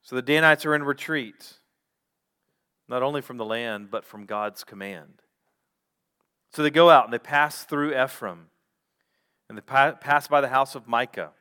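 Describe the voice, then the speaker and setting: Man preaching a measured expository sermon. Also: medium pitch, sharp tone, clean tone. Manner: teaching Bible text, measured with pauses. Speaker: pastor.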